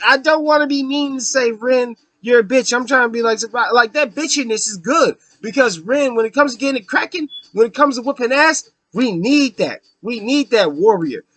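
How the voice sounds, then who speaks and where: A man rants through a casual book review in a high, bright, cutting voice. He swears freely and stumbles through fillers as he works out his points. The sound is close and dry, with no room around it. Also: no room sound. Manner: ranting, profane, with frequent fillers.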